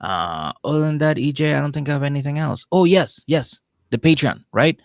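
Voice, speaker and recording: Guy with a gravelly lowish voice rambling on a podcast, laughs a lot, dry close mic. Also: lively intonation, fairly quick, no room sound. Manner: loose and rambling, with frequent laughs and filler words. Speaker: comedy podcast co-host. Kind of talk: casual chat recapping a reality show.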